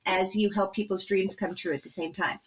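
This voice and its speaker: A woman guest on a podcast, talking in a playful, quick-witted way. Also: mid-range voice, fairly even intonation. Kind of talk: casual podcast conversation.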